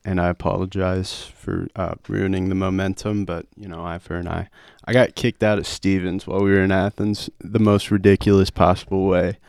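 A young man with a low, smooth, resonant voice tells a story on a casual podcast. He gets animated and swears freely, loudly acting out the quotes. The sound is close and dry. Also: moderate pace, dry recording. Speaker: podcast co-host. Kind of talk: casual chat.

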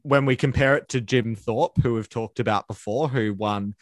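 A man co-hosting a casual history podcast, talking in a relaxed, hesitant way with ums and likes. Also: mid-range voice, moderate pace, dry recording, clean studio sound. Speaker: podcast co-host.

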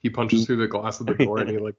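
A man's voice: fairly low pitch, little pitch movement, fast, darkish tone, slightly rough, dull audio. A man co-hosting a comics podcast in casual, jokey chat, laughing often. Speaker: podcast co-host.

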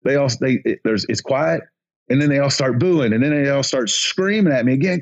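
A man's voice: medium pitch, a little fast. Man telling a rambling umpire story, lo-fi. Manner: rambling, restarts, acts out crowd chants and quotes. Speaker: baseball umpire. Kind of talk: casual podcast storytelling.

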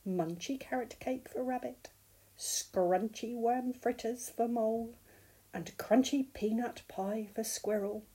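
An older grandmother gently reading a picture book aloud to an unborn grandchild, soft and slow. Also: a little high, husky.

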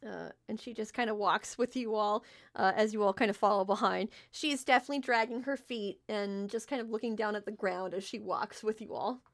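A woman's voice: mid-range voice, brisk, a bit bright. A woman narrating as game master in a casual, filler-heavy way, with occasional swearing.

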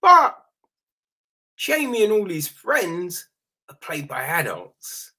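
A man's voice: high-pitched, wildly swooping pitch, slow pace, pushed and bright, breathy edge. A man recapping a horror film in a rambling, casual way, swearing now and then and often asking the listener "right?". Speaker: film reviewer.

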